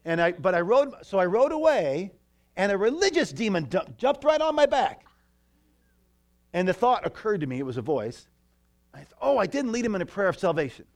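A man preaching a sermon in a church, telling a story with lively asides to the congregation. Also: high voice, brisk. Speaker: pastor.

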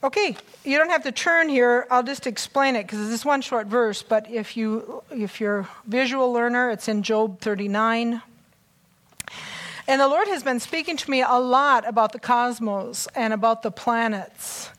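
Lady preacher giving a chatty sermon, kinda high voice, gets all excited and pokes fun at herself. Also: moderate pace. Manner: chatty and excitable, with self-mocking asides. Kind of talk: conversational sermon.

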